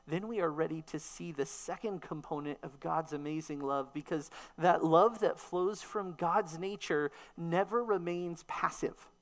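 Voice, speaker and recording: A woman preacher delivering a sermon, teaching emphatically and posing rhetorical questions. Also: lowish voice.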